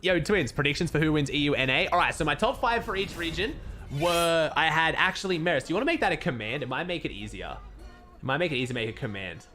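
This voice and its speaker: A man's voice: on the high side, lively intonation, fast, sharp tone, soft background music. A young Australian man streaming casually, laid-back and cursing freely as he thanks viewers and comments on the game.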